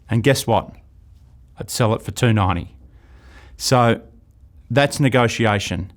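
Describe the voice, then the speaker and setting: A man's voice: on the low side, unhurried, pauses often. A middle-aged Australian man teaching a sales course, telling anecdotes and acting out dialogues. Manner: lively storytelling, acts out dialogues. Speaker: sales trainer. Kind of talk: recorded course lecture.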